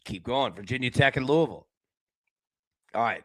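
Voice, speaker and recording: A man hosts a live sports betting program from an indoor room with a window, upbeat and casual, greeting chat viewers by name. His pitch is middle and pace normal, and he leaps between loud, excited bursts and quiet low asides. Almost no room echo comes through the dry, close sound.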